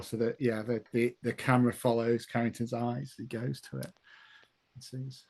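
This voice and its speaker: A man's voice: medium pitch, little pitch movement, moderate pace, a little mellow. A man running and narrating a tabletop role-playing game, telling the story loosely with fillers and laughs. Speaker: game master.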